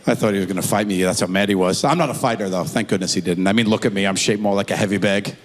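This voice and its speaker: A middle-aged man doing stand-up storytelling on a comedy stage, animated and jumping in and out of voices. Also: on the low side, fast. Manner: animated, with wild swings into voices. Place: comedy stage before a live audience. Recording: long hall reverb, faint room noise.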